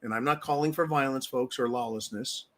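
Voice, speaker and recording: A man's voice: medium pitch, fairly quick, fairly bright tone. A man hosting a political commentary show, ranting angrily and emphatically, with frequent profanity. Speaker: host.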